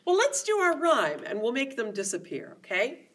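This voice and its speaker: A woman's voice: fairly high pitch, huge pitch swings, normal speed, fairly bright tone. A woman children's librarian leading storytime, with sing-song rhymes and coaxing questions to young children. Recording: voice a little distant from the mic.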